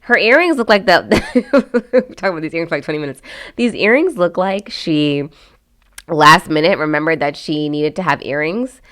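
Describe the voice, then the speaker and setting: A woman with a notably low voice talks through a casual commentary vlog. She is chatty and candid, trailing off and restarting often, with plenty of fillers as she shares frank opinions. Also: expressive, brisk, fairly bright tone. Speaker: host.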